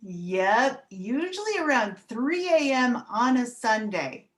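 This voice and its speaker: A woman's voice: a little high, very animated, slow. A woman performs stand-up over a video call, taking her time with each line. She is wry and self-mocking and lets her punchlines stretch out. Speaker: stand-up comedian.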